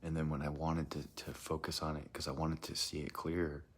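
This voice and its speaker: A man's voice: very deep voice, completely flat delivery, a little fast. A man telling a strange personal experience in a rambling, hesitant way, often dropping into a whisper. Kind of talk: casual first-person account.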